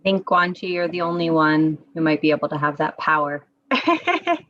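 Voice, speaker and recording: A woman's voice: low-pitched, flat delivery, brisk, a bit bright, dull audio. A woman coordinating a video call, busy and a little apologetic. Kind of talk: casual live video call chat.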